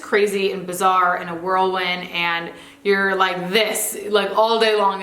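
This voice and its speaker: A woman's voice: medium pitch, steady tone, normal speed, a bit bright. A young woman vlogger chatting casually to camera at home, full of fillers and asides. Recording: roomy echo.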